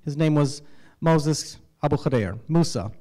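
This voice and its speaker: A man from the United States performing an animated, self-deprecating stand-up set at an awards event, with halting fillers. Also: fairly high pitch. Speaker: stand-up comedian. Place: event hall with audience laughter.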